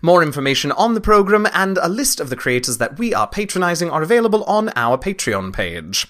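Higher-voiced male host, put-on British accent, playful and self-mocking, reading the ad break. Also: very animated, a little fast, fairly bright tone. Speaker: dungeon master and podcast host. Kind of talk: mid-show podcast announcements.

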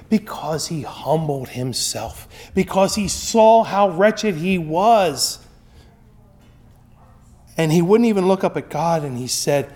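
A man preaching a sermon with a notably high-pitched voice. He talks conversationally and often checks in with his listeners as he teaches. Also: expressive, unhurried, darkish tone. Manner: conversational, with frequent tag questions. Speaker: pastor.

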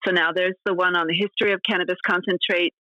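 Bright-voiced woman guest on a dull line. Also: lowish voice, steady tone, fast, no room sound. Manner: warm, giggly, thoughtful with many fillers. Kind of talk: conversational interview answers. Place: California, remote.

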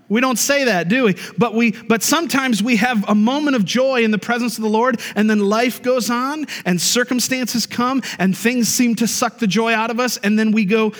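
A male pastor preaching a sermon, reading scripture slowly and then talking in an easy, joking way. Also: extremely high pitch, fairly bright tone. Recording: long reverb of a large hall.

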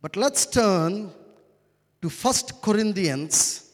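High-voiced Indian pastor preaching slowly. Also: male voice, long reverb tail. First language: Telugu. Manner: apologetic, self-deprecating, joking aside. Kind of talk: sermon.

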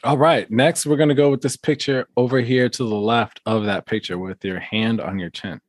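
A man's voice: medium pitch, steady tone, moderate pace, dry recording, studio quality. A man co-hosting a casual chat, talking in a laid-back, profane way. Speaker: podcast co-host.

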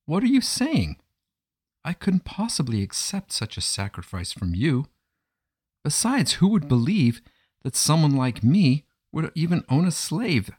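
A man's voice: mid-range voice, measured pace, pauses often, darkish tone, lightly acted. A man voicing a poor, humble husband who speaks in an earnest, pleading way in a storybook telling. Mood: shocked. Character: poor devout husband, middle-aged, desperate and humble.

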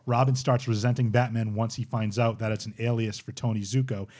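Podcast host, man in his 40s, quick delivery, keen plot recapper. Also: mid-range voice, steady tone, darkish tone. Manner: retells cartoon plots eagerly. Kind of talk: casual chat.

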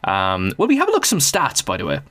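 A man's voice: low-pitched, wildly swooping pitch, quick pace, sharp tone. An Irish man hosting a podcast in casual, jokey chat, laughing often. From Ireland. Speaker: podcast host.

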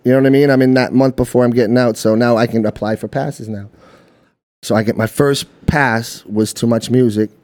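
A man with a Canadian accent, a podcast guest telling stories in casual chat, animated and full of "you know what I mean". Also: medium pitch, brisk. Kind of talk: casual storytelling.

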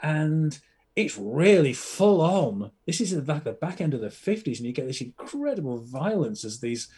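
A man's voice: on the high side, big pitch swings, normal speed, dark tone, slightly rough. A man chatting as a podcast guest, enthusiastic and rambling with plenty of fillers. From Britain. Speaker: podcast guest, film collector. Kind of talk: casual chat.

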